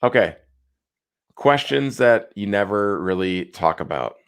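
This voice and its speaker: Low-voiced male host for a relaxed video call chat, jokey and easygoing. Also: unhurried, vocal fry, clean tone. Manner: easygoing, joking, many ums. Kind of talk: casual live video chat.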